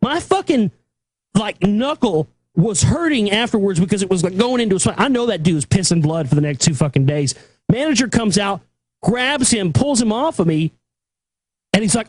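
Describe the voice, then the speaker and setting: Furious high-voiced male ranter. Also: animated, moderate pace, pauses often, dry recording. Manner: aggressive, profane, escalating to shouting. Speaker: talk show host. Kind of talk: angry rant.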